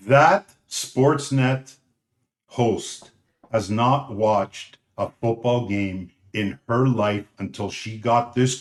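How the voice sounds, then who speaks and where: Blunt, loud, swearing middle-aged man. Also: mid-range voice. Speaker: podcast co-host. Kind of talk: casual chat.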